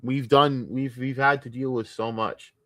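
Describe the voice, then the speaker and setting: A young man rants on a livestream, fed up, cursing freely and tripping over his own restarts. His voice sits at an ordinary middle pitch. It is recorded dry and close, with no room sound around it. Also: steady tone, a little slow, pushed and bright, no room sound. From United States. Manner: frustrated, profane, repetitive stammering restarts. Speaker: streamer. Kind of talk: casual ranting livestream.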